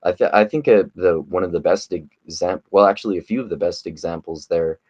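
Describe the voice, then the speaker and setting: A man's voice: sits low, fairly quick, a little mellow, slightly rough, dry recording, highs cut off. A man giving casual, rambling commentary on a video clip, with many restarts and fillers. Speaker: commentary YouTuber.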